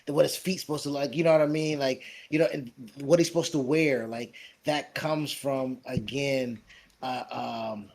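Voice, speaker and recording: A man's voice: medium pitch, fairly even intonation, normal speed, darkish tone, a little hiss or hum. A man co-hosting a casual podcast, talking hesitantly with lots of fillers. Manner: hesitant, apologetic, filler-heavy. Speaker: podcast co-host.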